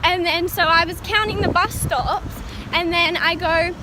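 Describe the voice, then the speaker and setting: A young woman vlogs while walking city streets, telling a story in a rambling, giggly way. Her voice sits high. Traffic and street noise stay loud behind her. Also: fairly even intonation, a little slow. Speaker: vlogger. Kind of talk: casual vlog chat. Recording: noisy street recording.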